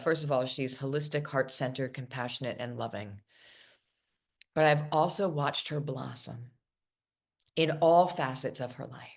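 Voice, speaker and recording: A woman host introducing a trainer to a class in a gushing, enthusiastic way, full of "like"s. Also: low voice. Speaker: program founder and host.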